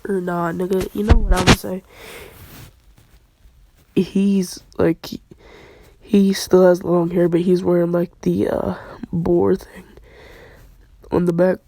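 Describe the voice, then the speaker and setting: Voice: mid-range voice, little pitch movement, slow, gravelly, long pauses, a little mellow, a little hiss or hum. A young adult with a congested voice, rambling through an improvised fan story in slangy casual talk. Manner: rambling, slangy, often breaking into laughter.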